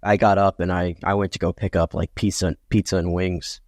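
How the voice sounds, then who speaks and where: A man co-hosting a casual sports podcast, telling stories in a joking, animated way and repeating words. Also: low voice, brisk, dry recording, clean studio sound. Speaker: podcast co-host.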